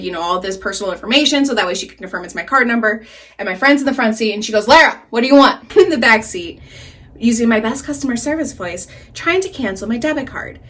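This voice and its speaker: Chatty, animated young woman vlogger. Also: a little high. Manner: animated, swearing, laughing often, squealing when excited. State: jittery on caffeine. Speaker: beauty vlogger. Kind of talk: chatty get-ready-with-me storytelling.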